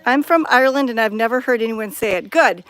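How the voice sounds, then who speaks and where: A woman's voice: a little high, fairly quick, a bit bright. A woman vlogging on a phone camera outdoors at a cat sanctuary, chatting in a bubbly, enthusiastic way. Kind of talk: casual walking vlog. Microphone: handheld phone camera.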